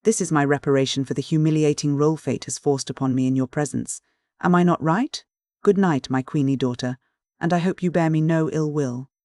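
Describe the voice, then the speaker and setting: A man's voice: on the high side, brisk, warm tone, dry recording, studio quality, lightly acted. A man voicing a bankrupt old noble father, flowery, mocking and cynical in a storybook reading.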